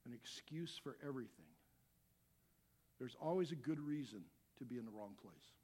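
A middle-aged man preaching a sermon as a pastor, animated, dropping to quiet asides and rising to loud shouts. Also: mid-range voice, normal speed, breathy edge.

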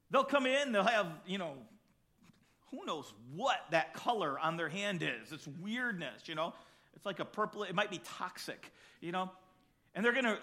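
A man preaching a sermon, reading scripture and then explaining it in an animated, conversational way. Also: very high-pitched. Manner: animated, acts out voices in the story. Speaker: pastor.

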